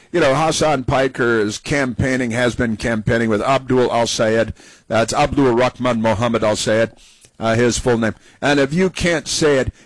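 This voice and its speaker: A male talk radio host delivers opinionated commentary in a rambling, sarcastic way. His voice sits at a middling pitch. The recording is dry and close, with no room sound. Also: dry recording, low-quality recording.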